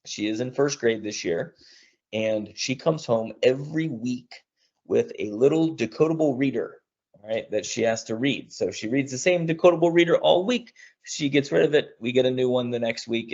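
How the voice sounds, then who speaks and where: A man's voice: medium pitch, normal speed, darkish tone. A man in his thirties runs a live online teaching demo, upbeat and conversational. His voice sits in a middle register. The sound is a little dull, like typical webinar audio from a computer mic. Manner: upbeat, chatty, says "all right" often. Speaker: webinar presenter.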